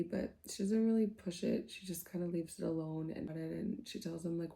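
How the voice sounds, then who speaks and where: A woman softly retelling a novel's plot for sleep, in a casual, chatty way full of fillers, sometimes dropping to a whisper. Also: fairly low pitch, little pitch movement, moderate pace, creaky, few pauses. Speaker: book reviewer. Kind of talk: soft-spoken ASMR book recap.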